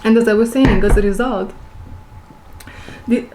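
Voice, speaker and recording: A woman who speaks English as a second language, giving an intuitive spiritual reading to her viewers. She talks slowly, repeats her phrases and searches for words. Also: on the high side, reverberant, noisy background. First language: not English. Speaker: intuitive reader.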